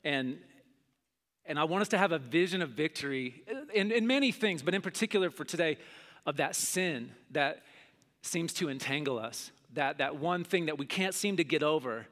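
A middle-aged man preaching a sermon, telling stories and acting out scenes with big jumps in his voice. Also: normal speed. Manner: animated, acts out scenes with big pitch jumps. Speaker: pastor. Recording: long hall reverb.

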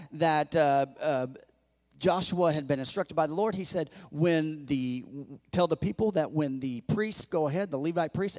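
Animated high-voiced male pastor. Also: big-room sound. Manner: storytelling, animated, acts out quotes. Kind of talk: sermon.

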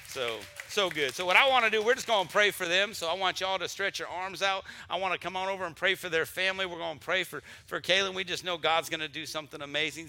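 Bright-voiced male pastor leading prayer. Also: high-pitched, quick pace, hardly any pauses. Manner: warm, emotional, repetitive restarts. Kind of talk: church announcements and prayer. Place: church sanctuary during service.

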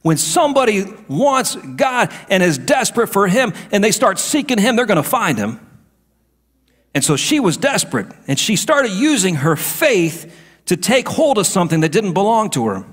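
A middle-aged male pastor delivers his sermon in a high-pitched voice. His delivery is animated, with pitch leaping around. He shifts from soft, confiding asides to bold, emphatic declarations. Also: normal speed. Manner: animated preaching, swings between hushed and emphatic.

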